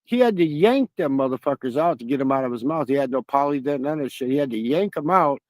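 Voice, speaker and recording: A man's voice: medium pitch, lively intonation, quick pace, darkish tone, no room sound. A man hosting a stream, telling rambling, profane stories in casual chat. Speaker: stream host.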